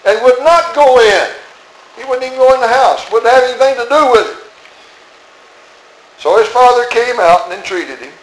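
A man preaching an expository sermon in a church, emphatic, asking rhetorical questions and swinging between soft asides and raised outbursts. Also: extremely high pitch, lively intonation, moderate pace, long pauses. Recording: roomy echo.

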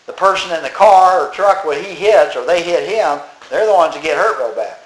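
Plain-spoken preacher with a roomy sound. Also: male voice, a little high, expressive. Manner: plain-spoken, reads scripture slowly with emphasis. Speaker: pastor. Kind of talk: sermon.

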